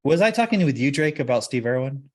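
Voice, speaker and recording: A man's voice: medium pitch, very animated, fast talker, darkish tone. A man from Texas hosting a podcast, chatting casually with a joking, rambling manner. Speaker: podcast host. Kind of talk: casual chat.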